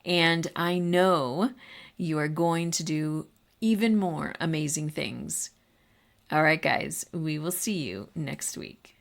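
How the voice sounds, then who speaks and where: A woman's voice: sits low, slow, vocal fry. A middle-aged woman hosting a podcast for teachers, talking in a casual, encouraging way with fillers and asides. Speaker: podcast host.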